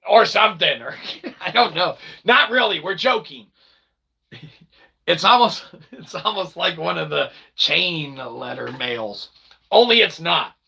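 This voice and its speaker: Host, male, gravelly, husky, bright edge, jumpy pitch, rambling and jokey. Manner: animated, jokey, bursts of loud exclaiming. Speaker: independent developer and channel host. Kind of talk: rambling casual vlog chat.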